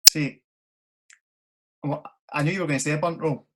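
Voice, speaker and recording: A man's voice: a little high, steady tone, normal speed, sharp tone. A Scottish man interviewing a guest in a casual chat, mostly giving brief agreeing replies.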